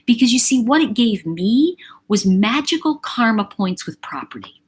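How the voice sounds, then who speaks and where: A woman's voice: fairly high pitch, sing-song, normal speed, breathy edge. A middle-aged woman hosting a livestream, telling a long personal story in a chatty, rambling way with asides to her viewers. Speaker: livestream host.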